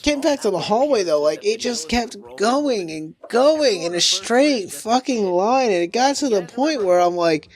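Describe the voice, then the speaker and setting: A man's voice: high-pitched, normal speed. A young man giving casual commentary on his own video review, ranting and swearing freely. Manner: ranting, profane, animated.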